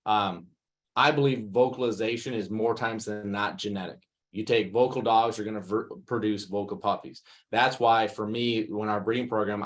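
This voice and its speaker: Animated dog trainer, man. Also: fairly low pitch. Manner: animated, acts out scenes in quick bursts. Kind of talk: masterclass Q&A answer.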